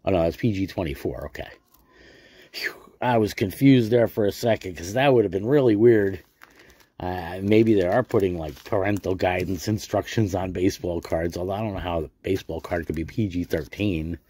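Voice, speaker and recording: Here the card-collecting YouTuber, a middle-aged American, sounds low, warm, and husky, speaking at a moderate pace with no room echo. He keeps things casual and jokey while opening packs, often repeating what he says.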